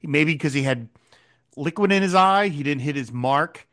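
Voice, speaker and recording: A man's voice: a little high, expressive, moderate pace, a bit bright. A man co-hosting a podcast, animatedly recapping a TV episode in casual chat and retelling scenes with quoted lines. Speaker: podcast co-host.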